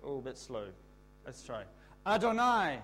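Animated man leading a children's talk. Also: mid-range voice, a little slow, soft background music. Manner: animated, sets up call-and-response with kids. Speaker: children's talk leader at church. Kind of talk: children's sermon.

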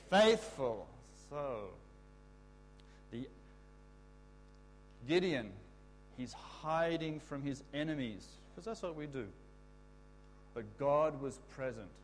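A man giving a children's talk in church, explaining a word and leading the kids in call-and-response shouts. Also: on the high side, a little hiss or hum. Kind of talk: children's sermon.

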